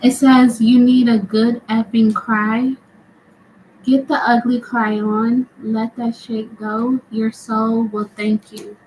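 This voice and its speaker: A woman's voice: a little high, little pitch movement, slow, a little mellow, slight background noise, rough recording. A young woman hosting a live tarot stream, chatty and laughing often as she answers viewers. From United States. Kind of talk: casual live-stream chat.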